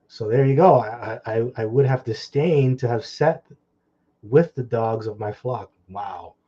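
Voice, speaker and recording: Scornful male preacher, dark voice. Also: medium pitch, husky, muffled recording. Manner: heated, scornful commentary with crude insults and short laughs; reads scripture slowly, then comments fast. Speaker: online preacher. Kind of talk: sermon reading and commenting on scripture.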